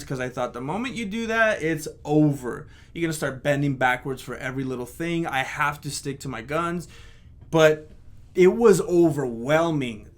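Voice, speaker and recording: A video creator, a man, looking back on his old videos in casual reflective commentary, candid and self-critical, pausing often. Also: on the high side.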